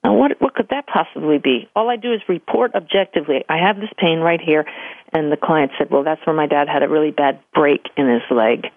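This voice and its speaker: A woman's voice: low-pitched, fairly quick, dry recording. An older woman speaks as a medium in an interview, her voice thin and tinny like a telephone line. She tells stories animatedly and slips into the voices she quotes. The sound is dry and close. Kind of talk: conversational interview storytelling. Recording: tinny phone-line audio.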